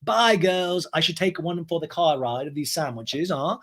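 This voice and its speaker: A man's voice: a little high, expressive, normal speed, a bit bright. A man impersonating a cocky young male DJ who talks earnestly and self-assuredly. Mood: eager.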